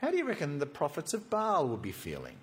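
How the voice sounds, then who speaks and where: Animated preacher, lively pitch. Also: male voice, fast talker. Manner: animated, playful, conversational asides. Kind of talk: sermon, storytelling a Bible passage.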